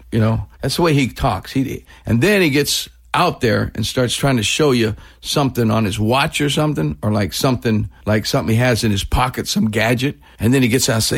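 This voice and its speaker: An older man hosting a radio rock countdown, talking in a loose, rambling, energetic way. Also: mid-range voice, brisk, hardly any pauses, breathy edge. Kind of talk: casual radio chat.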